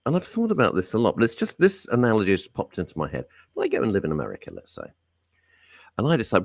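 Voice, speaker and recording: Deep gravelly radio host ranting. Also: male voice, huge pitch swings, fast talker, no room sound. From Britain. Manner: blunt, ranting, sweeping pitch swings. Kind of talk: opinionated talk radio monologue. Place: radio studio.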